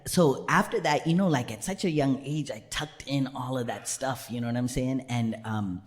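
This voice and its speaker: A man's voice: mid-range voice, normal speed. A man performing storytelling stand-up comedy on stage, acting out quoted voices and laughing often. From United States.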